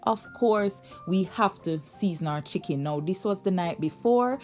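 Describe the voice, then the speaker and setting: A woman's voice: mid-range voice, animated, moderate pace, a little mellow, faint music behind. A young woman, hosting a cooking vlog in an upbeat, chatty way and drawing out her words. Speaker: cooking channel host. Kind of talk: casual cooking vlog narration.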